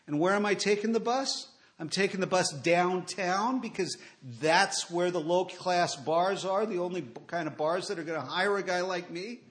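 A middle-aged man sharing his recovery story with an audience, using wry, self-mocking humor and swinging between loud and soft. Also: sits high, normal speed, few pauses. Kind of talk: personal storytelling talk to an audience.

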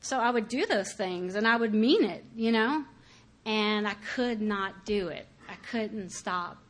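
A woman's voice: medium pitch, a little slow. A woman giving a candid personal testimony about her recovery, talking conversationally with many fillers and acting out her past thoughts. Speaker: speaker sharing her recovery story.

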